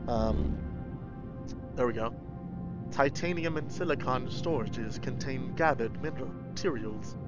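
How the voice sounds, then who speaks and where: An excitable, goofy man hosting a livestream and chatting casually as he plays a VR game. His voice sits at a middle pitch, and he thinks out loud as he goes. The stream audio is a little dull, with faint music underneath. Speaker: livestream host.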